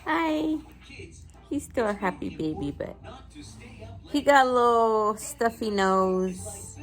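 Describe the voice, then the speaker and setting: A woman's voice: on the high side, lively intonation, slow pace, long pauses. A woman vlogging family life at home, often cooing in a sing-song voice at her baby and pets. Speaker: vlogger mother. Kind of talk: casual family vlog chat. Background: background music.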